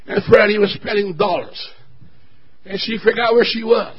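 A male pastor preaching a sermon. He cries out and shouts at his climaxes and whoops, then drops to quiet joking asides. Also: high voice, moderate pace, lo-fi sound, a little hiss or hum.

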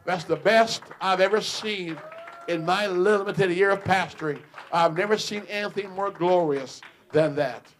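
A high-pitched man preaches to his congregation in a church. He moves between soft, low storytelling and loud, ringing exclamations. Amens and hallelujahs punctuate his delivery. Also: measured pace, slight background noise. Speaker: pastor. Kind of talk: sermon.

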